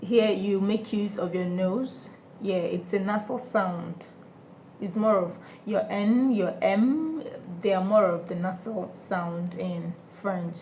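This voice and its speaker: A woman's voice: mid-range voice, takes it slowly, a little mellow, slight background noise. A woman teaching French sounds to beginners, patiently repeating each example and checking that students follow. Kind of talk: beginner pronunciation lesson.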